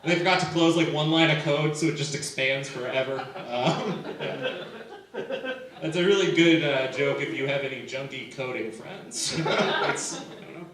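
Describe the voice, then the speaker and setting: A young man does a stand-up set in a small comedy venue before a live audience, chatting and mocking himself with constant "like" and "you know." His voice is medium-pitched at a normal speed, picked up from a distance in a very echoey space with crowd noise.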